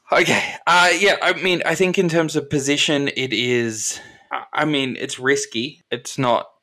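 A man running a tabletop game as game master, talking quickly and laughing at himself. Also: mid-range voice, fairly even intonation, sharp tone.

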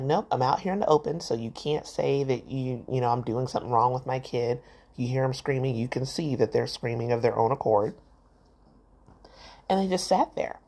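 Woman podcaster, really low voice, chatty storyteller who acts out the quotes. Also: a little mellow. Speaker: podcast host. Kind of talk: solo podcast talk.

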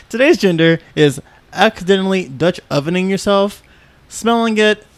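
A man co-hosting a podcast in casual chat, laid-back with deadpan quips. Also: high voice, a little slow, no echo. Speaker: podcast co-host.

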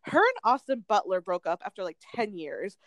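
A young woman gossiping in a casual chat, full of "like" and quick asides. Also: medium pitch, very animated, no echo. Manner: chatty, lots of "like", laughs often.

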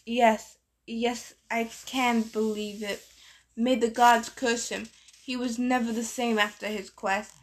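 A sharp-tongued, clever girl speaks bluntly in a storybook reading, as a woman puts her on. Her voice is fairly high and direct. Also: flat delivery, slow. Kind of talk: audiobook reading.

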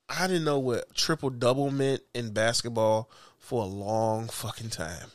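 A man in casual chat, loose and profane, who often drops into low mutters. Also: measured pace, no echo.

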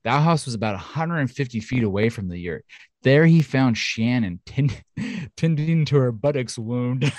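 A man's voice: mid-range voice, lively intonation, normal speed, darkish tone, no echo. A man hosting a casual podcast, reading news stories in a jokey way, often laughing. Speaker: podcast host.

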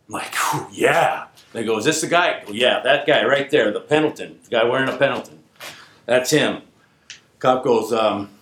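Animated man telling a story, echoey room. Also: medium pitch, slight background noise. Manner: animated, acts out quoted voices. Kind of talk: casual spoken anecdote.

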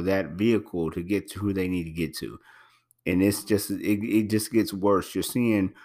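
Male podcast host, low voice, casual and emphatic delivery, lots of fillers and repeats. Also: a little mellow. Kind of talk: casual spoken commentary.

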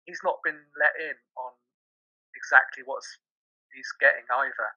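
Bright-voiced man talking films. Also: mid-range voice, no echo, dull audio. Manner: measured, explaining, leans on fillers like "you know". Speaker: podcast host. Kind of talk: casual film chat.

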